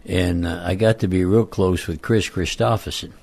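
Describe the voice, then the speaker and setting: An older man and former football coach, telling folksy, rambling stories in a croaky voice as a radio guest. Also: sits low, fairly even intonation, moderate pace, a little mellow. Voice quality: croaky, frog-like voice. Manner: folksy, rambling, self-deprecating. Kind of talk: casual radio interview storytelling.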